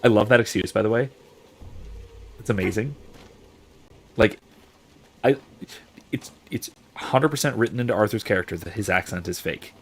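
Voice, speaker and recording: Low-voiced man chatting over gameplay. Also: moderate pace, long pauses, a little hiss or hum. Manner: chatty, reads chat aloud, muses over skills. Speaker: game streamer. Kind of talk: casual gameplay commentary.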